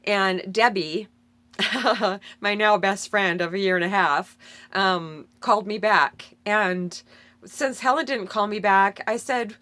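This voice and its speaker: A woman's voice: mid-range voice, slow pace, pushed and bright, dry recording. A middle-aged woman speaking in a medium voice, recounting a personal story with earnest, spiritual feeling. She rambles a little and often backtracks to correct herself. The recording is close and dry, with no room sound. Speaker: vlogger sharing a personal story.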